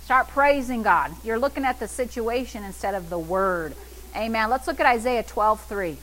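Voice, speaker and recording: A woman's voice: fairly high pitch, moderate pace, a bit bright, poor audio. A woman pastor preaching an exuberant sermon, with bursts of laughter and call-and-response.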